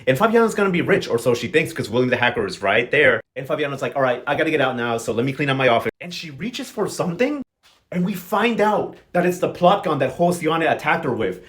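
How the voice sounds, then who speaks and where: Guy doing a sassy soap recap, talks quick, kinda high, tons of slang. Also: animated, fairly bright tone. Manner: sassy, slangy, playful quoting of characters. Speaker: novela recap host. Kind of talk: casual recap commentary.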